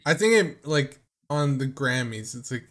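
A man's voice: mid-range voice, lively intonation, moderate pace, a bit bright. A man co-hosting a podcast in casual chat, joking around. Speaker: podcast co-host.

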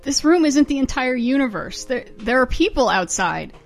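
Rich: A frightened young mother, played by a woman, held captive, who pleads anxiously and stumbles over her words. Her voice sits high. This is a comedic parody dub. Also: sing-song, normal speed, vocal fry, faint music behind, heavily acted. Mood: pleading.

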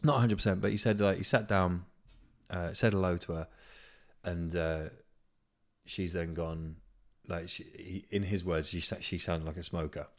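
A man's voice: sits low, steady tone, moderate pace. A man hosting a podcast, telling a funny story in a rambling, casual way, swearing often and laughing as he goes. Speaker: podcast host.

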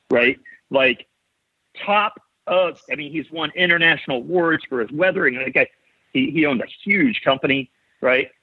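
A husky-voiced man from Ohio, in his forties, chats as a podcast guest over a tinny, phone-like line. His voice sounds dry and close. He tells his stories eagerly and restarts his sentences again and again. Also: mid-range voice, no room sound. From Ohio, USA. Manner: eager storytelling with frequent restarts. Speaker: podcast guest, model builder. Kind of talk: casual interview chat. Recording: tinny phone-like call audio.

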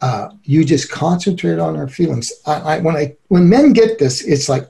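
Creaky, dark-voiced middle-aged man. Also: a little high. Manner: earnest, animated, quick to laugh. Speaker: guest expert on relationships. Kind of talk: conversational interview.

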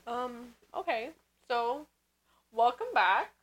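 A woman's voice: on the high side, animated, slow, rough recording. A young woman co-hosting a casual podcast, chatty and giggly, rambling between thoughts. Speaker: podcast co-host. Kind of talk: casual chat.

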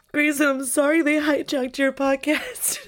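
A woman with a fairly high voice hosts a live-streamed podcast while crying. She gushes and laughs between her words, overwhelmed and tearful. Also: lively intonation, unhurried, fairly bright tone. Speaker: podcast host.

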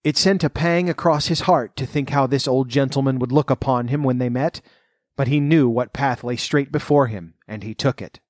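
A man narrating a storybook, reading in an expressive, lively way. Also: medium pitch, moderate pace, no room sound, studio quality.

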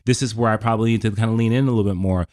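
A low-pitched middle-aged man co-hosting a casual podcast with his wife. He thinks out loud in long, winding sentences, doubling back and restarting as he searches for the words. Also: fairly even intonation, very fast. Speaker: podcast co-host.

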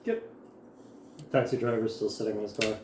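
A man's voice: lowish voice, steady tone, fairly quick. A man running a tabletop game as game master, narrating and laughing often. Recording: roomy with faint background noise.

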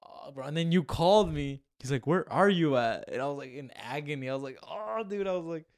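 A man's voice: a little high, fast talker. A man co-hosting a podcast, telling his own story in defensive casual chat with swearing and laughs. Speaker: podcast co-host.

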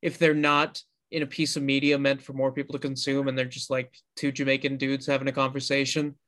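A man's voice: medium pitch, completely flat delivery, a little fast, a bit bright. A man co-hosting a casual podcast chat, telling a story in a rambling, self-correcting way. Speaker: podcast co-host.

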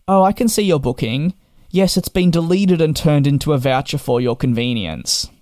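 A man's voice: on the high side, lively intonation, moderate pace, darkish tone, no echo, clean studio sound, lightly acted. A man mimicking a flustered female airline call-center agent who sounds obliging and clueless. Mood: airily obliging.

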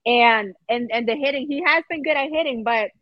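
A woman's voice: high-pitched, fairly quick, no room sound, highs cut off. A woman co-hosting a casual sports podcast, venting emphatically with rhetorical questions. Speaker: podcast co-host.

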